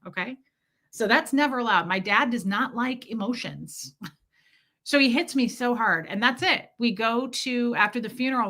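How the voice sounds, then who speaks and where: A woman's voice: mid-range voice, sharp tone. A woman from Kansas City, podcast host, telling a personal story candidly and emotionally with lots of "like" fillers. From Kansas City, USA.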